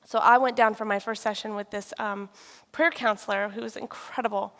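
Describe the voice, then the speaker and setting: A woman giving a personal testimony, telling her story in a lively way and acting out conversations. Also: medium pitch, a little fast. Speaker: speaker sharing a personal testimony. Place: church sanctuary. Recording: reverberant hall.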